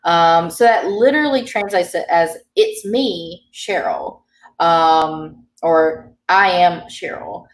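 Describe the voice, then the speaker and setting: A woman with a lowish voice teaches a beginner language class. She explains grammar patiently, with plenty of ums. She sounds a little distant from the mic, in a roomy space. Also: expressive, slow pace.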